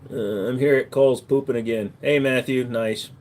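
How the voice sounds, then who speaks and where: A man's voice: medium pitch, fairly even intonation, moderate pace, few pauses, a little mellow. A man hosting a casual livestream, answering chat with crude, profane, mocking banter. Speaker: livestream host.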